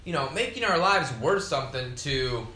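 Loosened up by beer, a young podcast host meanders through a casual, rambling monologue, swearing freely and using lots of fillers. His fairly high voice is expressive, bright and forward at a normal speed, and the room lends it a noticeable echo.

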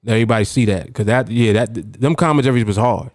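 A man's voice: mid-range voice, quick pace, a little mellow, no echo, clean studio sound. A man hosting a podcast as a trading coach, talking casually and emphatically, reading out chat comments and laughing often.

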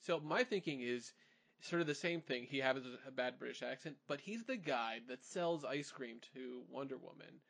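A man's voice: mid-range voice, expressive, moderate pace, gravelly, a bit bright. A man hosting a casual podcast chat, rambling and hedging a lot as he leads the questions. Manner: rambling, hedging with "like" and "you know". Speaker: podcast host.

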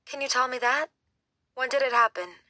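Woman reading a gentle, earnest woman. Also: high voice, normal speed, no echo, clean studio sound, pitched above the performer's own voice. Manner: gentle, anxious questioning. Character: caring, earnest adult woman.

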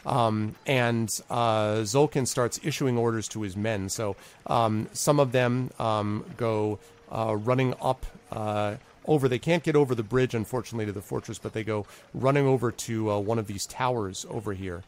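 A man's voice: normal speed, hardly any pauses. A man narrating a tabletop role-playing game as game master, with many ums and asides. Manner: rambling, lots of ums, pitches up for quoted characters.

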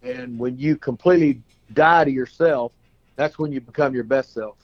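A man's voice: medium pitch, normal speed, highs cut off. A man, a rodeo performer, talking casually and telling stories in a folksy way, often repeating himself. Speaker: guest, rodeo singer and performer. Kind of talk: casual storytelling talk.

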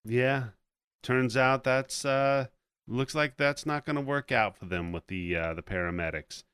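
A podcast host recaps a movie in loose, profane chatter, laughing and acting out characters' lines. His voice is medium-pitched, unhurried, and fairly bright, captured in a clean, dry studio recording.

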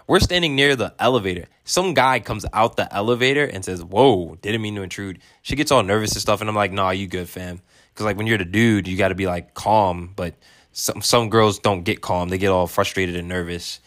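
A man's voice: fairly low pitch, a bit bright, dry recording, clean studio sound. A young man telling a story casually, laid-back and rambling with lots of fillers. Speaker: vlogger.

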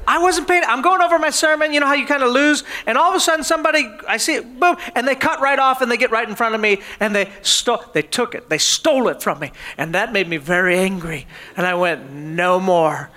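A man preaching a sermon as pastor, telling animated stories and often laughing. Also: very high-pitched, quick pace, few pauses.

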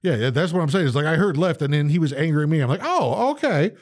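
A man's voice: a little high, rapid-fire, darkish tone, dry recording, studio quality. A man co-hosting a podcast in a profane casual chat, ranting, swearing constantly and mimicking people. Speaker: podcast co-host.

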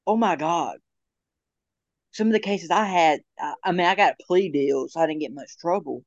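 Rambling young man, slightly high, lo-fi. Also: no echo. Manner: rambling, laughs often, halting restarts. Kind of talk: casual chat.

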